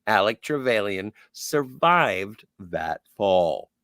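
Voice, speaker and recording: A man's voice: fairly low pitch, very animated, slow pace, a bit bright, no room sound. A man co-hosting a podcast, teasing and cutting in with playful banter. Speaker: podcast co-host. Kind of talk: casual chat.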